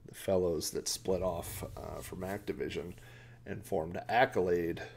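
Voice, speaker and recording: A man's voice: low-pitched, steady tone, measured pace, vocal fry. A man from Oklahoma hosting a podcast, giving rambling, hesitant gameplay commentary with frequent chuckles. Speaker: podcast host.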